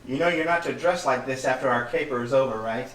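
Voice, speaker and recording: A woman's voice: extremely low pitch, quick pace. An actress playing a giggly, scheming woman who poses as a man, in a live stage comedy. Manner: giggly, exaggerated. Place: community theatre stage. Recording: echoey hall, far from mic, noise.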